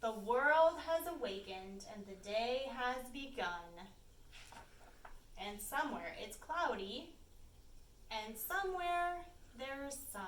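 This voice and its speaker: A woman teacher reading picture books aloud to young children, slow, clear and animated. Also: fairly high pitch. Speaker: school storytime teacher. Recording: echoey room, mic from far off, faint background hum.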